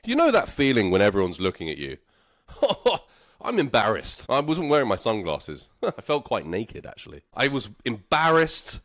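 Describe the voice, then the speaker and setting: For his learners, an English teacher from London narrates a story slowly, repeating phrases in a playful, animated manner with laughs. His voice ranges widely, high to low, the whole way through.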